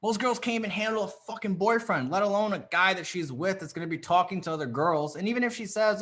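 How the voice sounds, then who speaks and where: High-voiced guy coaching dating live, swears a lot, keeps asking rhetorical questions. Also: lively intonation, fast talker, few pauses, sharp tone. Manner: profane, emphatic, repetitive rhetorical questions; acts out quoted women's reactions. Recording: online live session.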